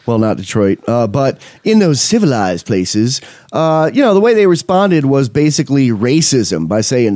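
A man from Wyoming co-hosts a loose political podcast, wandering from point to point with a wry edge. His voice sits at an ordinary middle pitch, recorded close and dry with no room sound. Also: sing-song, normal speed, darkish tone, dry recording. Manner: rambling, wry, laughs at own jokes. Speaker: podcast co-host. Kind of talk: casual political chat.

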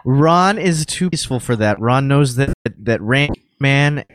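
Man, podcast co-host, casual and joking, mid-pitched voice. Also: animated, a little slow, dry recording.

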